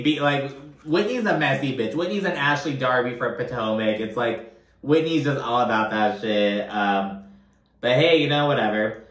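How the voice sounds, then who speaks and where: A man's voice: medium pitch, normal speed, fairly bright tone, echoey room. Chatty, cussing man recapping reality TV. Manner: chatty, profane, gossipy with frequent fillers. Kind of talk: casual recap commentary.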